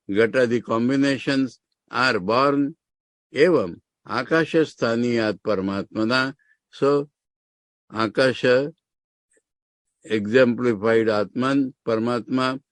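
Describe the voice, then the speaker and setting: Slow Indian monk expounding scripture. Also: male voice, mid-range voice, no echo. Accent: Indian English. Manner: explains Sanskrit terms word by word, with emphatic rises. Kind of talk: scriptural discourse.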